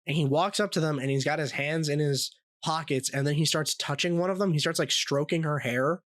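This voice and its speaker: A man hosting a casual podcast with a slightly high voice, telling stories in an animated way. He laughs often and swears freely. His voice sounds close and dry. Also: fairly quick, no room sound. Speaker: podcast host.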